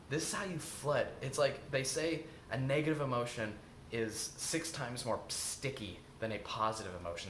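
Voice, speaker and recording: A man's voice: medium pitch, fairly bright tone. A man giving a casual spoken lesson as an emotional eating coach, earnest and rambling, with many restarts and fillers. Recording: echoey room with faint ambient noise.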